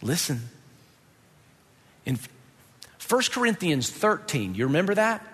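Animated preacher man in a reverberant hall. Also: a little high, slow, long pauses. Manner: animated, conversational preaching with rhetorical questions. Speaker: pastor. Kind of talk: sermon.

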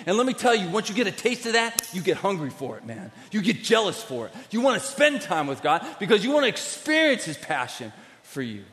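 Guy preaching, pretty high voice, lively and direct, big echoey church sound. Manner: animated, direct, swings between quiet asides and emphatic declarations. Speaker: pastor. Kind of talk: sermon with live demonstration. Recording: long hall reverb.

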